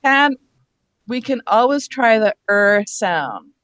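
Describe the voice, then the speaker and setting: A woman's voice: a little high, lively intonation, slow pace, a bit bright, dry recording. A woman leading a reading workshop for teachers, explaining letters and sounds step by step.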